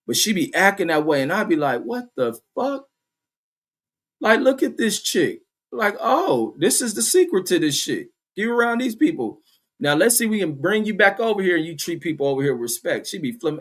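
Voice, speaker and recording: A man hosting a vlog who tells stories and reads out chat in a rambling, blunt way, with heavy swearing. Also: fairly high pitch. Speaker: vlogger host reading chat. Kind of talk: casual profane storytelling rant.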